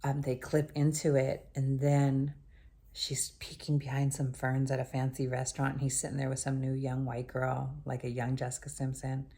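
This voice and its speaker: A woman chatting casually as she recaps a TV episode, rambling and often trailing off into quiet mumbled asides. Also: extremely low pitch, monotone, moderate pace, husky. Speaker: TV recap vlogger.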